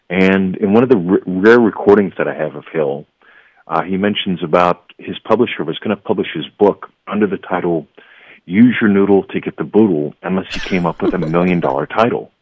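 Guest: very deep-voiced man, rambling storyteller with stammered restarts, heard over a tinny dry phone line. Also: breathy edge, no room sound. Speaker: guest, life coach. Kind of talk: radio interview.

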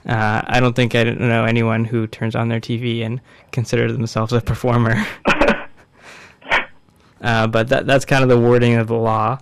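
A man in casual discussion, explaining a court case in a measured way with frequent fillers. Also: mid-range voice, completely flat delivery, slight background noise.

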